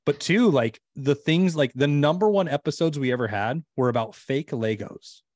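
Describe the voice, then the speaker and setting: A man guest on a podcast, chatting casually as an animated storyteller with lots of fillers. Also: fairly high pitch, moderate pace, dry recording, studio quality.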